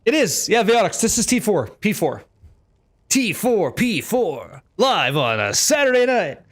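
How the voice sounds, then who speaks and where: A man with a notably high speaking voice narrates his game for a live chat. He is excitable and playful, swearing casually as he reacts to the action. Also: unhurried. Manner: excitable, joking, swears freely. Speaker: game streamer. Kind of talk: live gameplay commentary with chat.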